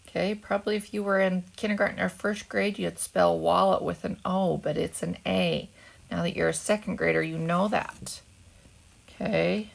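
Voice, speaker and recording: A woman with a fairly low, creaky voice teaches phonics to second graders from her home instead of school. She goes slowly and patiently, having the children echo words back to her.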